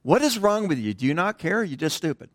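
A man voicing a furious male military drill instructor, yelling scornfully, in a sermon. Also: sits high, huge pitch swings, normal speed, no room sound, voice pushed up, exaggerated voice.

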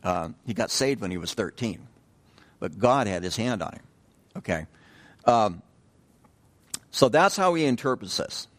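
A man's voice: lowish voice, big pitch swings, unhurried, pauses often. Man teaching a casual Bible study. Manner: conversational, repeats words, restarts phrases, asks the group questions.

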